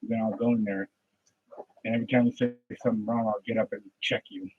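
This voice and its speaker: A man practicing a podcast monologue, ranting passionately like a preacher and then dropping to low muttering, recorded at home. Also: little pitch movement, quick pace, slightly rough, no echo, muffled recording. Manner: impassioned preachy rant, swings from loud to low muttering. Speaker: aspiring podcaster.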